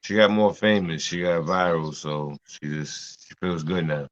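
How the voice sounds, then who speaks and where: Low-voiced dude chiming in on a podcast, mostly short agreeing stuff, muffled lo-fi sound. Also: male voice, unhurried. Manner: brief agreeing interjections. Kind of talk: casual chat. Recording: dull lo-fi sound.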